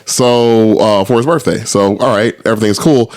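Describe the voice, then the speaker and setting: A man's voice: fairly low pitch, normal speed, a little mellow. Profane laughing male podcast host. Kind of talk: casual podcast chat.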